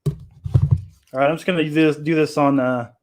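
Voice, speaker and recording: A man's voice: fairly high pitch, steady tone, brisk, darkish tone. A man hosting a casual live hobby tutorial, chatting and joking with his viewers as he works. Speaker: hobbyist streamer.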